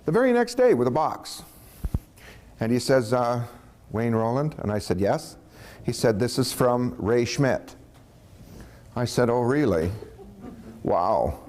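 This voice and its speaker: A man spinning a long personal anecdote in an easy, conversational way. He chuckles often and slips into different voices when he quotes people. His voice sits at an average pitch for a man. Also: unhurried, pauses often, slight background noise. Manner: animated storytelling, chuckling, acting out quoted voices. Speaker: storyteller. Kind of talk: casual anecdote telling.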